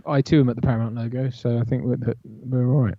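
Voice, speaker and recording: A man talks casually and wryly as a co-host on a livestream, rambling a little as he goes. His voice sits at a middle pitch. The mic sounds dull and lo-fi, and the recording is dry. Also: flat delivery, fast talker, creaky, dry recording. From Britain.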